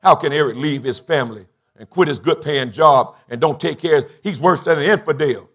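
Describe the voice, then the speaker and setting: A middle-aged man, preaching a sermon as bishop in a church, swinging from low confiding talk to shouted bursts. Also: fairly quick. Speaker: bishop and pastor. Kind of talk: call-and-response sermon. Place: church sanctuary.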